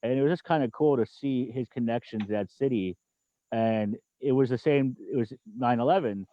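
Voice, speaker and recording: A man from the cigar industry speaking on a video call in a casual, reflective and unhurried way. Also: medium pitch. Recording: dull video-call audio.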